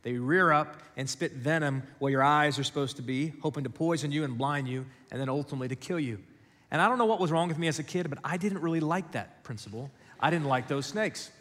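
A man preaching a sermon, telling stories and acting out voices, then dropping low and quiet for key points. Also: brisk. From West Africa. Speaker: pastor. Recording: long hall reverb.

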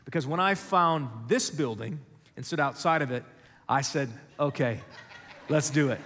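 A man preaching a sermon, telling stories and acting out voices, then dropping low and quiet for key points. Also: moderate pace, slight background noise. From West Africa. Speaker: pastor. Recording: long hall reverb.

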